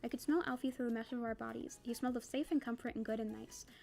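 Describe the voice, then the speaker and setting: Young woman reading a book out loud, higher voice, rattles along fast with little side comments. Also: fairly even intonation, creaky. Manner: quick reading with casual asides. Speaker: book club reader. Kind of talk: reading a novel aloud.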